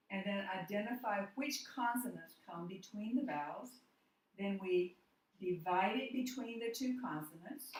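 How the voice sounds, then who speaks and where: A woman teacher giving a patient, step-by-step phonics lesson, correcting herself as she goes. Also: medium pitch. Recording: echoey room, mic far off.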